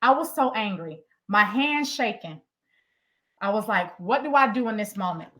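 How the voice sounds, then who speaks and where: A middle-aged woman coaching a workshop crowd, speaking with animated emphasis. Her voice sits at an ordinary pitch for a woman, and she talks straight to the audience as she tells her story. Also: normal speed. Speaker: executive coach.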